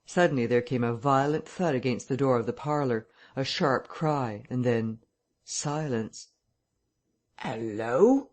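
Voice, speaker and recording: Measured male audiobook narrator. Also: mid-range voice. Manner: measured, even reading. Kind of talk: scripted narration.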